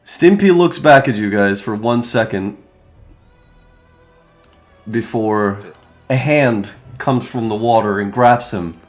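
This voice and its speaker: A man's voice: on the low side, takes it slowly, long pauses, faint music behind. A man narrating as game master of a tabletop game, loose and profane, often restarting sentences.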